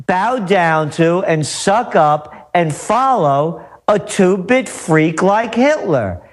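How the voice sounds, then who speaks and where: A man speaking as a guest forecaster in a talk radio interview, indignant and scornful. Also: high-pitched.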